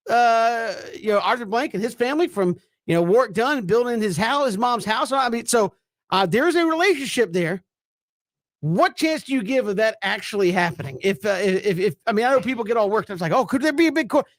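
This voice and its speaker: High-voiced chatty male sports radio host. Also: dry recording, studio quality. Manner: chatty, quick asides with playful jokes.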